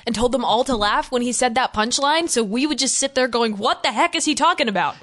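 A woman's voice: on the high side, brisk, a bit bright. A woman co-hosting a podcast in casual chat, playful and teasing. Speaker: podcast co-host.

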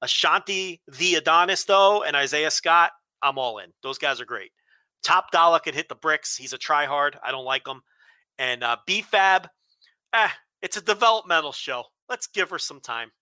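Bright-toned profane podcast guy. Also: fairly high pitch, moderate pace, clear, resonant tone, no room sound. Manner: blunt, profane, mocking. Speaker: podcast co-host. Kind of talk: casual wrestling chat.

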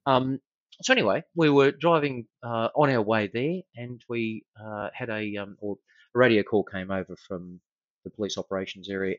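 An Australian man, a former police officer, telling a story in a casual interview, unhurried and full of fillers and restarts. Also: fairly low pitch, no echo, dull audio.

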